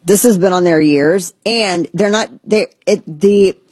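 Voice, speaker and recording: A woman's voice: lowish voice, unhurried, a little mellow, slightly rough, dry recording. A woman hosting a talk show, giving blunt, sarcastic, rambling commentary. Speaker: podcast host. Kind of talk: opinionated casual commentary.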